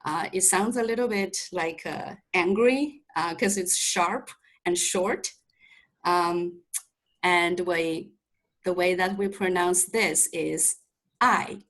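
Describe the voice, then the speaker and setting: A woman's voice: on the low side, takes it slowly, low-quality recording. A woman teaching a Mandarin lesson over a video call, explaining patiently step by step with light humor. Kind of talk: online language lesson.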